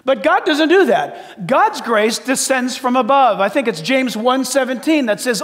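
An older man preaching a sermon as pastor, emphatic and shouting at times, then dropping to soft asides. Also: very high voice, lively intonation, a little slow, hardly any pauses, big-room sound.

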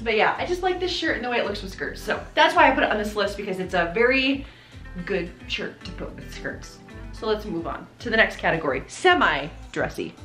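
A woman's voice: mid-range voice, very animated, brisk, a bit bright. A woman in her thirties chatting casually about clothes in a bubbly way, laughing often. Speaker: fashion vlogger. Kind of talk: casual try-on haul chat. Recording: echoey room, faint background music.

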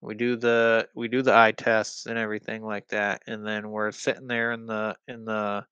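A man's voice: on the low side, flat delivery, normal speed, sharp tone, clean tone, dry recording, lo-fi sound. A young man telling a personal story in casual podcast chat, rambling with lots of fillers and the odd swear word. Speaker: guest.

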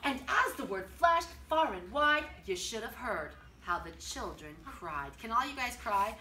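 An older woman reading a picture book aloud to children in an expressive, sing-song way, stopping to ask them questions. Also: a little high, unhurried, few pauses. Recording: roomy, from a distance, faint noise.

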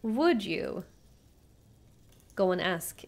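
A woman's voice: medium pitch, steady tone, unhurried, creaky, a little hiss or hum. A young woman streaming a game, chatting casually with her viewers, asking them questions and laughing often. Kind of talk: casual live-stream chat while playing.

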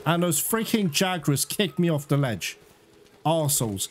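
A young man giving live gameplay commentary as a channel host, excitable, swearing and groaning at the game. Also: on the high side, normal speed, background noise. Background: game music.

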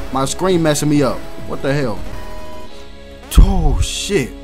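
A young man doing loud, slangy, excitable let's-play commentary, swearing and shouting at game characters. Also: mid-range voice, a little slow, pauses often, soft background music. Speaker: gaming YouTuber.

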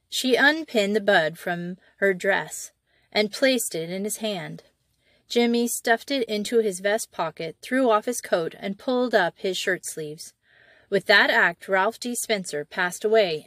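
A woman reading classic short stories aloud in a steady storytelling manner. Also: medium pitch, unhurried, dry recording. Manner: steady storytelling with small slips. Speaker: audiobook reader.

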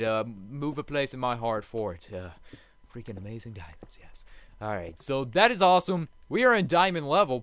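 A man hosting a let's play, chatty and jokey, swinging from hushed murmurs to loud excited outbursts. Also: mid-range voice, clean tone, no room sound. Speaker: gaming channel host.

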